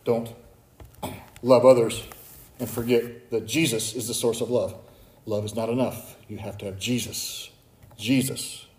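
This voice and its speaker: A man's voice: steady tone, a little slow, long pauses. Preaching man in an echoey hall. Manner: preaching, builds from low and quiet to high and urgent. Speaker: pastor. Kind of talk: sermon.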